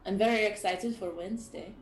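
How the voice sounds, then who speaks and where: A woman hosting a casual chat, playful and drawn-out as she talks. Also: mid-range voice, fairly even intonation, slight background noise. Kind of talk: casual video-call chat. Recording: echoey room.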